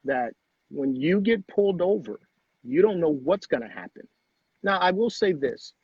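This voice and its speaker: A middle-aged man speaks in a husky, somewhat high voice, telling his own story with earnest emphasis and repeated phrases. The sound is dry and close, with a dull, lo-fi home-recording quality. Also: expressive, normal speed, no echo. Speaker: guest. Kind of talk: personal storytelling in conversation.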